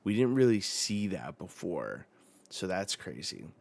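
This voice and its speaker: Slow, low-voiced man reacting to manga. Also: vocal fry. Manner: relaxed, rambling, uses many fillers. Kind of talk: casual live manga reading reaction.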